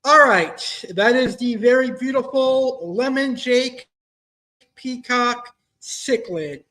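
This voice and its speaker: A man's voice: very high voice, takes it slowly, sharp tone. A man hosting an amateur online show, talking in an upbeat, enthusiastic way. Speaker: show host. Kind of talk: casual hosting.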